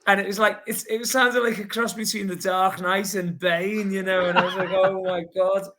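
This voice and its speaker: A man with a Scouse accent, a podcast guest telling a rambling, lively story full of fillers. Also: high-pitched, moderate pace. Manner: lively, rambling, heavy with fillers like "you know". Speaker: podcast guest, long-distance runner. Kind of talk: casual anecdotal storytelling.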